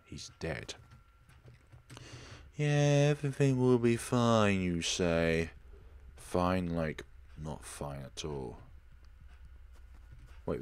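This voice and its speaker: Here a very deep, creaky male voice hosts a horror-game let's play. He voices the game's dialogue as he reads it and bursts out dramatically now and then.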